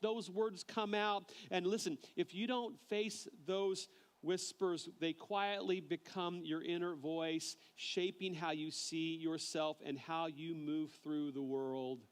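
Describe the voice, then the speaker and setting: A male pastor preaching a sermon in an earnest way, often repeating words as he starts a phrase and slowing down on key lines. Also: high-pitched.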